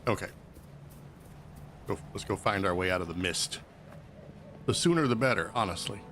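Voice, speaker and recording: A man's voice: sits low, lively intonation, normal speed, a bit bright, slight background noise. A man chatting casually as a streamer while he plays a game, rambling and joking along. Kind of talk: casual gameplay commentary.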